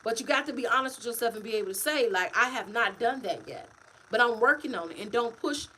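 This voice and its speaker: A fairly high-voiced woman talks straight to her viewers on a livestream, animated and full of repetition. A faint hum of ambient noise sits under her voice. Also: fast, low-quality recording. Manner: animated, repetitive, preachy, addresses viewers as y'all. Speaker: author and vlogger. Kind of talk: casual livestream talk to viewers. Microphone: phone or webcam, livestream.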